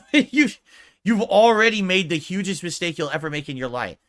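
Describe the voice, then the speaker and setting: Male reaction commentator, fairly high voice, exclaiming and incredulous. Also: very animated, normal speed, fairly bright tone, dry recording, clean studio sound. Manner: incredulous, exclaiming, rhetorical questions.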